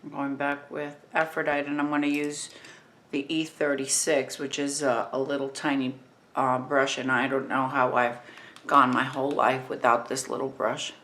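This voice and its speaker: A woman in her fifties with a New Jersey accent, talking through a makeup tutorial in a relaxed, chatty way while she works. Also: very deep voice, normal speed. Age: 50s.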